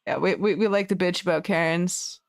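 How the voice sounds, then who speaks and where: A hoarse woman streamer chatting casually with her viewers, rambling, laughing often and swearing freely. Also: on the low side, brisk. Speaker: game streamer. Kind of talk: casual chat with viewers while building.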